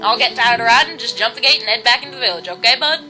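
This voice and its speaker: A woman's voice: a little high, animated, rapid-fire, pushed and bright, soft background music, low-quality recording. A woman voicing an easygoing young male farmer in a game, putting on a folksy American Southern drawl. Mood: folksy friendly. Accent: put-on American Southern. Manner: folksy, calls everyone bud.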